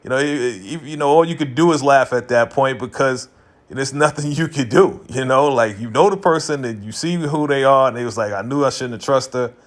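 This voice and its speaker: A man casually recapping a TV episode, talking loosely with lots of "you know" and "right?" and voicing the characters' lines as he goes. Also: mid-range voice. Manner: acts out characters' lines in quick asides. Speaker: TV recap vlogger.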